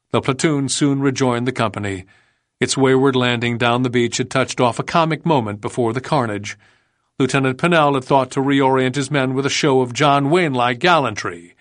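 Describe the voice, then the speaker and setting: A man reading a non-fiction audiobook as narrator, in a measured, grave storytelling manner. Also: medium pitch, fairly even intonation, a bit bright, no echo, studio quality. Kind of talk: scripted narration.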